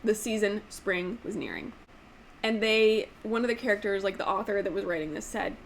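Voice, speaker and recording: A young woman chatting casually on camera, ranting in an exasperated, animated way with sudden jumps in pitch. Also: normal speed, gravelly, slight background noise. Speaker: book vlogger. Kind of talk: casual chat.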